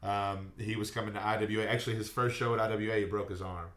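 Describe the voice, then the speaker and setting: A man appearing as a podcast guest, telling stories casually and chiming in with quick yeahs. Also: on the low side, little pitch movement, a bit bright, echoey room. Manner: storytelling, quick agreeing yeahs. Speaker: wrestling referee, podcast guest.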